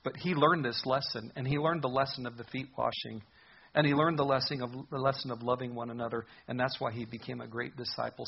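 A man's voice: medium pitch, vocal fry, husky, lo-fi sound. A man preaching a sermon as a pastor, earnest and conversational in his delivery.

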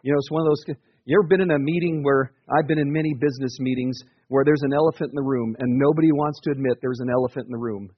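A pastor preaches to his congregation in a husky, slightly breathy voice. His delivery is earnest but conversational, with casual asides. The sound is dry and a little dull. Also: mid-range voice, fairly even intonation, fast talker, no room sound. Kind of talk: sermon.

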